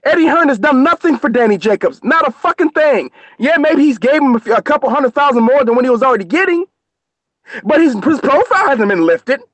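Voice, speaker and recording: This American boxing live-stream co-host has an extremely high, expressive voice with a fairly bright tone, talking a little fast. He's cursing nonstop in a furious rant, and there's no echo.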